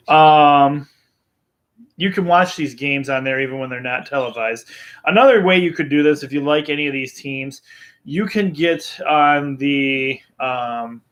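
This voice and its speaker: Unhurried man hosting sports picks. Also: medium pitch. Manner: relaxed, filler-heavy, chuckling. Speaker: host. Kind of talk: live-streamed sports picks show.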